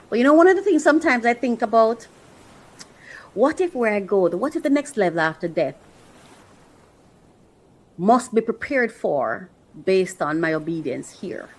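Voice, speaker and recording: Earnest, slow-talking woman sharing personal faith. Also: on the low side, very animated, low-quality recording. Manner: earnest and reflective, with slow emphatic stretches. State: emotional. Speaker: podcast host. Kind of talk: heartfelt personal monologue.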